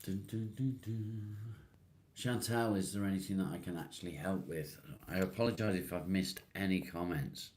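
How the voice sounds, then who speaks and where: A very low-voiced man hosts a relaxed live stream, reading out viewer comments and answering each in turn. His talk is easygoing and friendly, dropping "mate" as he goes, with a faint hiss of noise underneath. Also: fairly quick, hardly any pauses. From England. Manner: laid-back, calls viewers mate, answers comments one by one. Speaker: livestream host.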